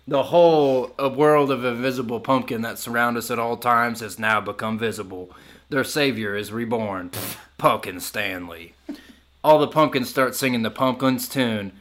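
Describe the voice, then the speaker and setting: A man with a bright, forceful voice spins an absurd, profane tale for his podcast co-host. He talks in loose slang and keeps cracking himself up as he goes. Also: medium pitch, moderate pace. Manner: crude, laughing, slangy absurd storytelling. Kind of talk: improvised comedic storytelling.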